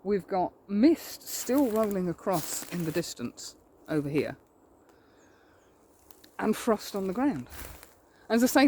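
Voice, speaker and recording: A woman's voice: medium pitch, a little mellow. A woman photographer chatting as she walks through woodland, thinking aloud in a self-deprecating way. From England. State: a little out of breath while walking. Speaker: landscape photographer. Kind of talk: outdoor vlog narration. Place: outdoors in woodland.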